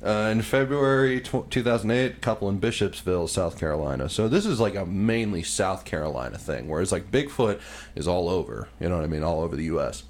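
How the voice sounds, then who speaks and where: A man's voice: low-pitched, lively intonation, brisk, a little hiss or hum. A man co-hosting a podcast in casual comedic chat, swearing freely, laughing often and reading out stories in an offhand way. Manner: profane, laughing, puts on silly voices. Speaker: podcast co-host. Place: home room, smoking while recording.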